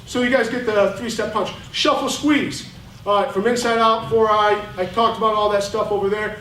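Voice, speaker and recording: A man's voice: high-pitched, moderate pace. A man coaching at a clinic, talking bluntly and with fire over game film. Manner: animated, blunt, fired up. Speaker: football coach. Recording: roomy, distant mic, faint noise.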